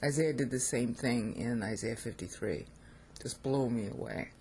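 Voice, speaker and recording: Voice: medium pitch, normal speed, a little mellow, a little hiss or hum. An American Bible teacher giving an informal lecture on scripture, thinking aloud and checking in with listeners.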